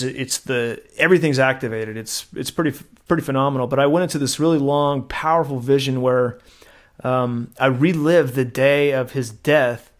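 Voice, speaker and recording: A middle-aged man co-hosting a podcast, telling a personal story in a rambling, animated way, acting out quotes, with frequent restarts. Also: mid-range voice. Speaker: podcast co-host. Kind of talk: casual conversational storytelling.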